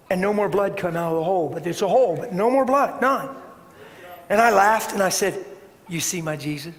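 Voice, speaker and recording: A middle-aged man preaching a sermon, telling a story with animated swings from shouting to soft, hushed tones. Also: high-pitched. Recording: echoey hall with faint ambience.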